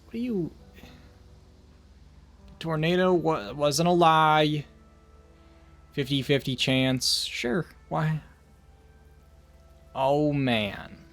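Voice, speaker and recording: Guy streaming a game, kinda high voice, slow and rambly, cracks little jokes at chat. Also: fairly even intonation, fairly bright tone, soft background music. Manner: rambling, talks to chat, jokey asides. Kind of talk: casual gaming livestream chat.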